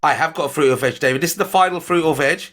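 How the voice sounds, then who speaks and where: A man co-hosting a radio show, joking and teasing with a drawn-out mock-grand delivery. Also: a little high, fairly bright tone. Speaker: radio co-host. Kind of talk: casual radio banter.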